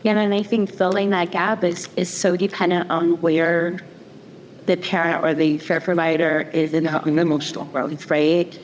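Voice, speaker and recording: A woman panelist with a slightly low voice speaks earnestly, posing questions and checking in with the audience. A long hall reverb and faint noise sit behind her. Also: flat delivery, moderate pace. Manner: earnest, rhetorical questions with "right?". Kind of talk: panel discussion. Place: community event hall.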